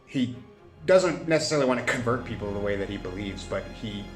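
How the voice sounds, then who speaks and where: A man narrating a solo tabletop game, thinking aloud with many pauses and fillers. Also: fairly low pitch, lively intonation, roomy sound, over music.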